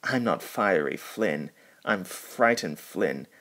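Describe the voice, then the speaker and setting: An earnest, nervous fire engine from a storybook, read by a man. He speaks in a lowish voice and takes his words very slowly, one careful phrase at a time. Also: expressive, fairly bright tone, full character voice. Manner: earnest, plain reading. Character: brave but nervous male fire engine. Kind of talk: storybook reading.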